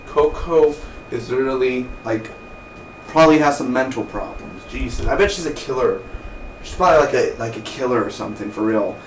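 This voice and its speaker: A man casually recapping a TV episode, rambling and acting out the characters' lines in quick offhand impressions. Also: mid-range voice, expressive. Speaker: TV review vlogger. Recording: roomy, distant from the mic, faint noise.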